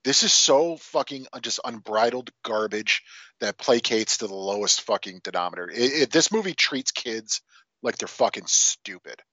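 A man's voice: on the low side, animated, moderate pace, bright, forceful tone, dry recording, highs cut off. A man in his forties, a podcast co-host, ranting profanely and with exasperation about a film in casual chat.

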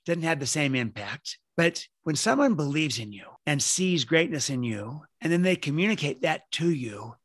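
A man's voice: on the high side, big pitch swings, normal speed, hardly any pauses, a bit bright, husky, no room sound. Man telling family stories, dry sound. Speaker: guest author. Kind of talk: podcast interview.

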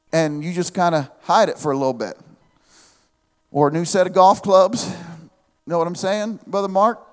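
High-voiced man preaching a lively sermon. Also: clean tone, big-room sound. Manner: animated preaching with humorous asides and calls of amen.

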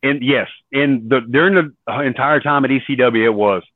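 A man and former wrestler, a podcast guest, telling lively stories and acting out what others said. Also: mid-range voice, normal speed, no room sound. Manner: animated storyteller acting out quoted voices. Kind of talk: storytelling in an interview. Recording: dry tinny phone-like line.

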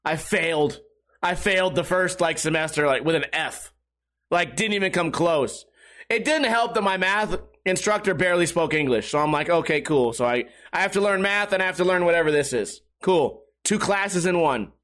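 Young guy with a high voice, rambling and swearing, mocks himself a lot, talk show host. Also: normal speed, fairly bright tone. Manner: rambling, self-mocking, swings between high and low pitch. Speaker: podcast host. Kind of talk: casual profane rant.

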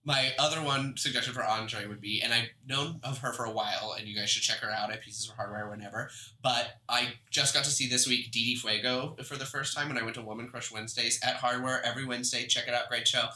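A man's voice: mid-range voice, fairly even intonation, fast, few pauses, pushed and bright, roomy sound, rough recording. A man co-hosting a casual chat, talking in an enthusiastic, gushing way. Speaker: podcast co-host.

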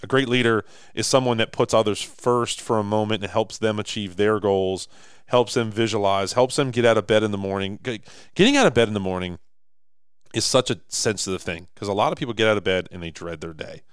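Man, deep voice, smooth, close dry mic, casual podcast chat. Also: brisk, no room sound. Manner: animated storyteller, acts out quotes. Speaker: podcast co-host.

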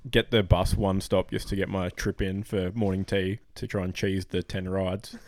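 A young Australian man with a fairly low voice talks casually with friends on a podcast, cracking jokes and laughing at his own stories. The sound is close and dry, with no room around it. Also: level tone, normal speed, dry recording. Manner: joking, laughs often. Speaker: podcast co-host. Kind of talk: casual chat.

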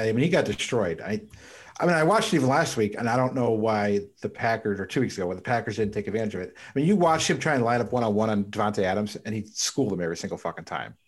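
Fast-talking, low-voiced podcast guest. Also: male voice, animated, husky. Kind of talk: casual podcast chat.

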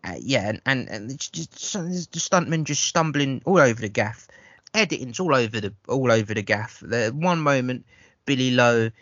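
A man talks through a film in loose, swearing podcast chat, tripping over restarts as he goes. His voice is bright and forceful. The sound is dull and lo-fi, and dry up close. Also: medium pitch, expressive, moderate pace, dry recording. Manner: rambling, profane, stammers on restarts. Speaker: podcast host. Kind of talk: casual film review chat.

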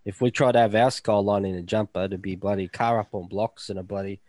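Australian man, low voice, dry close sound, blokey podcast banter, casual swearing. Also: steady tone, fast talker, a little mellow, dry recording. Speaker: podcast co-host. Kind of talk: casual chat.

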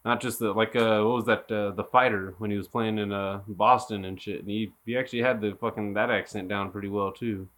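A man's voice: lowish voice, steady tone, brisk, few pauses, a bit bright. A man chatting casually about actors and accents, rambling with fillers, swearing and laughing often. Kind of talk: casual chat.

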